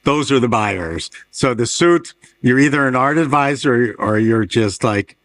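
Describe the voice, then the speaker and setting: A middle-aged man interviewing on a casual panel, asking quick questions and dropping wry, dry asides. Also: medium pitch, lively intonation, a bit bright.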